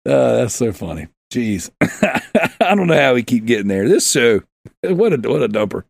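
A man's voice: medium pitch, sing-song, moderate pace, creaky, no room sound. A man hosting a casual gaming podcast, joking around, giggling often and reading out listener questions. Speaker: podcast host.

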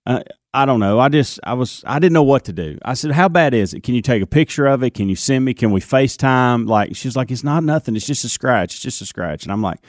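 A man's voice: mid-range voice, lively intonation, fairly quick, dry recording, studio quality. A man hosting a morning radio show, telling a story in casual chat with lots of restarts and hesitations. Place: radio studio.

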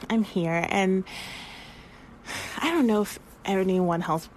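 A woman's voice: medium pitch, slow pace, slight background noise. A woman in her thirties hosting her own podcast, talking candidly and emotionally, rambling and swearing freely, close to tears. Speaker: podcast host. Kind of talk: casual spiritual podcast monologue.

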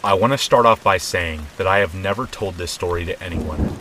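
A man narrating a scripted first-person horror story in a steady, measured way. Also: sits low, slight background noise, rough recording. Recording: soft rain behind.

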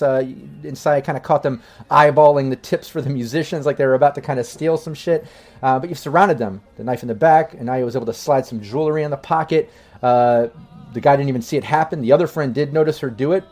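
A man's voice: medium pitch, mellow. A man narrating as game master of a streamed tabletop role-play, talking loosely with many fillers and restarts.

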